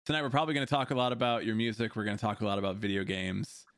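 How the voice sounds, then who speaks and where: This is a man with a fairly low voice hosting a casual podcast from a home stream setup. He rambles, laughs often and drops swears. The sound is dry and close. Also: steady tone, very fast, fairly bright tone, no echo. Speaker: podcast host. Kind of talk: casual chat.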